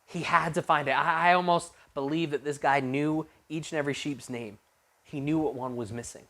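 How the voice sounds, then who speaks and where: A man preaching to a youth group, telling a story in an animated way with frequent restarts. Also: on the high side, moderate pace. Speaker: youth pastor.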